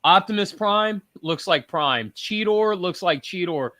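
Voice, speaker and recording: A man's voice: high-pitched, lively intonation, unhurried, pushed and bright, no room sound, studio quality. A man hosting a casual panel chat, talking in emphatic, rambling rants. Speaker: podcast host.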